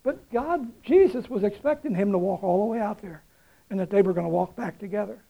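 A man's voice: high-pitched, a little fast, vocal fry, muffled recording. A man preaching a sermon, retelling a story in a folksy, conversational way with chuckles and emphatic repetition.

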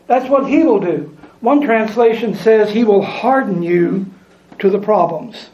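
High-voiced emphatic male preacher. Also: a little slow. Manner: emphatic, repeats lines for stress. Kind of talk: sermon with scripture reading. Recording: echoey room, dull lo-fi sound.

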